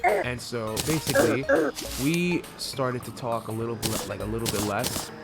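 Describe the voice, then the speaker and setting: A man's voice: medium pitch, expressive, moderate pace. A young man telling a rambling, swear-filled personal story while playing a video game. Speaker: gaming channel host. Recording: loud background music.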